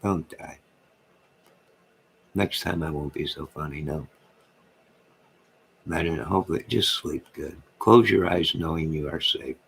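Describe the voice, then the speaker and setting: A man's voice: very deep voice, measured pace, gravelly, long pauses, fairly bright tone, breathy edge. A man hosting a late-night livestream from home, bantering and joking in a rambling way as he answers his viewers' comments. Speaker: livestream host reading chat.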